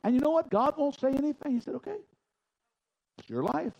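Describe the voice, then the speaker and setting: High-voiced, gravelly preacher man. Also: expressive, a little fast, muffled recording. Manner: folksy, emphatic preaching with wide swings between loud and hushed delivery. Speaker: pastor. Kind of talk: sermon. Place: church sanctuary.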